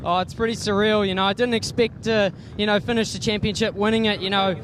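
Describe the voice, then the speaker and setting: A man's voice: sits high, level tone, fast talker, background noise. A man, a motorbike champion, speaking humbly after the race with plenty of "you know". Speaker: championship-winning rider. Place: outdoor motorsport circuit. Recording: echoey outdoor crowd.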